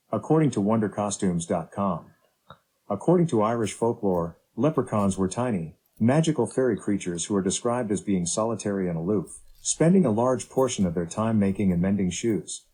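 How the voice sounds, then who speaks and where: A man's synthetic voice assistant, reading out web search results in an even, measured way. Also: lowish voice, slightly rough, rough recording.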